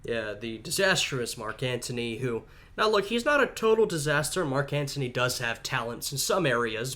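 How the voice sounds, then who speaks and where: A man's voice: medium pitch, bright, forceful tone. A man hosting a history reaction video, slightly sick and chatting casually while thinking aloud. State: a little sick, voice sounds off. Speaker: host of a history reaction channel.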